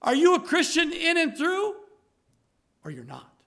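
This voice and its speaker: A man with a very high, bright voice preaching a sermon. He presses his points with fervent repetition, then sinks into a low, hushed delivery before rising again. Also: wildly swooping pitch, measured pace. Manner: fervent preaching, repeats himself, drops to low soft tones. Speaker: pastor.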